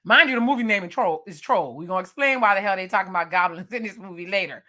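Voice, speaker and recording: A woman's voice: medium pitch, fast talker, hardly any pauses, sharp tone. A woman recapping a horror movie with jokes and slang, laughing often. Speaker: movie reviewer.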